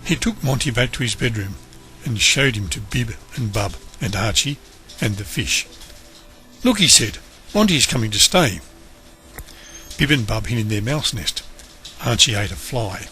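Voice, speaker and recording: A man reading a children's story aloud in an expressive, animated way. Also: fairly low pitch, normal speed, soft background music. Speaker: storybook reader.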